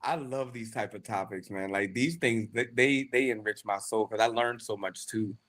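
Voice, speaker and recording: A man's voice: fairly low pitch, normal speed, a bit bright. A man co-hosting a podcast, talking in a casual chat with emphatic, preacher-like repetition. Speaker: podcast co-host.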